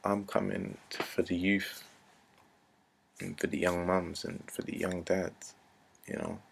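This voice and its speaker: A man's voice: low voice, level tone, unhurried, vocal fry, slight background noise. A man, ranting earnestly to camera, repeating himself and dropping to a near-whisper at times. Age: 20s. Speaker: vlogger. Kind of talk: unscripted rant to camera.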